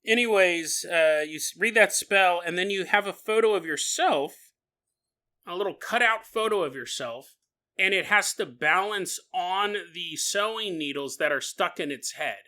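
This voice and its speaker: High, bright-voiced jokey podcast man. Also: normal speed. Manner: jokey, laughs often, riffs while reading aloud; mock-dramatic voices for imagined people. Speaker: podcast host. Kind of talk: comedic podcast monologue.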